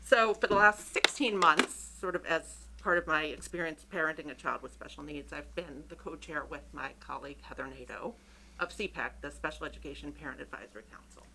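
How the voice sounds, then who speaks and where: A woman introducing herself as a school committee candidate, eager and a little nervous, talking quickly. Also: deep voice, creaky, sharp tone, slight background noise, poor audio. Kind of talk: prepared self-introduction at a public meeting. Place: town meeting room.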